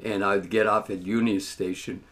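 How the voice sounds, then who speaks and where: A man's voice: on the low side, moderate pace. A man casually telling a story to listeners, acting out the dialogue as he goes. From Canada. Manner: animated, acts out quoted dialogue.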